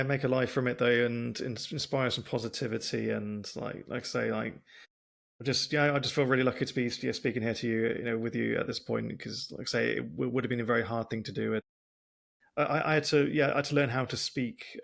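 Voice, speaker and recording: A male podcast host with a strong Oxford accent and a deeply gravelly, creaky voice. He talks in a relaxed interview chat, choosing his words carefully and slowly. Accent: Oxford English. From England. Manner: deliberate, careful pacing, works to speak slowly.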